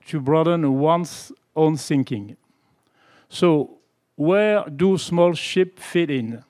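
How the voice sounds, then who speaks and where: A man from France speaking English with a French accent, earnest and halting as a panelist in a conference room. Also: on the high side, a little mellow. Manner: halting, restarts phrases, earnest.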